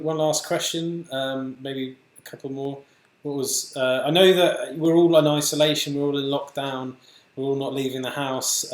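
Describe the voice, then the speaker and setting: Male host, mid-pitched voice, hesitant questions, echoey room. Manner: reads out viewer questions, with fillers. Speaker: webcast host. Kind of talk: hosting a live Q&A.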